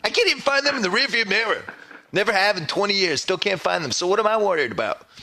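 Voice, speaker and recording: A man's voice: high voice, lively intonation, fast talker, pushed and bright, pitched above the performer's own voice, heavily acted. A man impersonating a boastful, self-important male sports radio host, with a bombastic, rising delivery.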